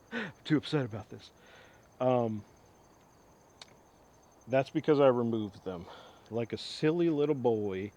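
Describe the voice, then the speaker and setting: A man's voice: mid-range voice, darkish tone. A man hosting an axe restoration vlog, talking casually in a rambling, enthusiastic way with frequent asides. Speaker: host of an axe restoration channel. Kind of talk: casual show-and-tell vlog.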